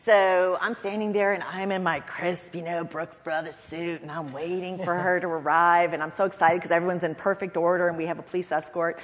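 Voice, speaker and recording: A woman panelist telling stories from her campaign days in an animated way, acting out the people she quotes. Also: on the low side, fairly quick, few pauses, big-room sound. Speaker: panelist, former campaign staffer. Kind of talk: panel discussion, lively storytelling.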